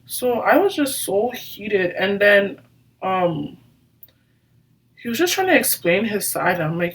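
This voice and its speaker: A woman's voice: mid-range voice, lively intonation, a little slow, fairly bright tone, recorded from a distance, poor audio. A woman vlogger in a casual storytime chat, animatedly acting out both sides of the conversations she retells. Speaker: beauty vlogger telling a story.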